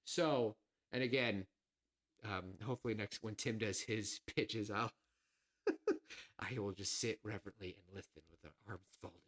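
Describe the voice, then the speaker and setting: A man co-hosting a podcast, chatting casually and pitching a film idea, rambling with lots of fillers and self-corrections, a little nervous. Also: fairly even intonation, moderate pace, long pauses, a bit bright. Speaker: podcast co-host.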